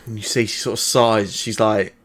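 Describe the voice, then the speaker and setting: A man's voice: fairly low pitch, little pitch movement, moderate pace, fairly bright tone. A man acting as game master, describing the scene casually in a tabletop game.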